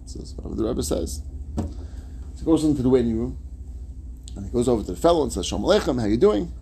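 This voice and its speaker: A man's voice: mid-range voice, lively intonation, quick pace, mellow, a little hiss or hum. A man giving a sermon that moves from story into earnest, emphatic teaching, with Hebrew religious terms.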